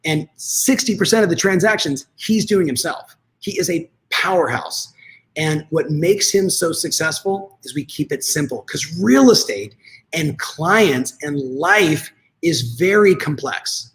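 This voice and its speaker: Male business coach, slightly high-pitched, energetic and conversational, addresses listeners directly. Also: a little slow. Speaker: real estate coach. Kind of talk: motivational coaching talk.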